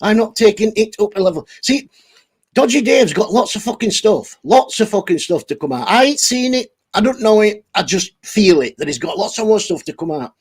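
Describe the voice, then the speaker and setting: A man's voice: high voice, big pitch swings, normal speed, breathy edge. A man ranting angrily on a livestream, swearing heavily and over-caffeinated. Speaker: channel host reading live chat. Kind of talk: angry livestream rant.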